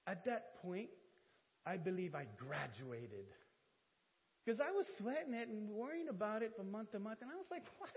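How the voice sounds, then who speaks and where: A man tells a church testimony in an animated, storytelling way, laughing often and making fun of himself. His voice sits high and swings widely in pitch. The recording is dull, with a long hall reverb. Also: normal speed. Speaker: church speaker giving testimony. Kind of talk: sermon testimony.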